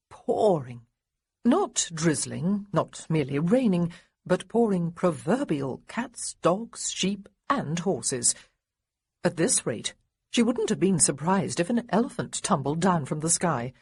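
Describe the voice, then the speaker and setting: A woman narrating an audiobook with lively, expressive storytelling. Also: on the low side, takes it slowly, breathy edge. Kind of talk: scripted narration.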